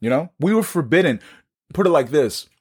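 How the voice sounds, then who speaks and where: Man, New York accent, lively pitch, casual storytelling, acts out voices, repeats words. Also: normal speed, slightly rough. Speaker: guest telling his story. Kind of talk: casual podcast conversation.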